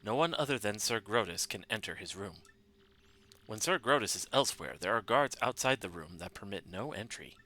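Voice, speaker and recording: A man reading as a calm, formal computer. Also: fairly low pitch. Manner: measured, even, formal. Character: calm polite male computer intelligence.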